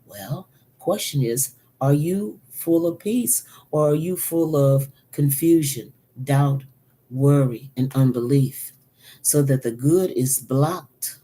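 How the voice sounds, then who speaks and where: A woman's voice: rumbling low, slow, mellow. A woman preaching a sermon, earnest and repeating key phrases for emphasis. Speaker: pastor.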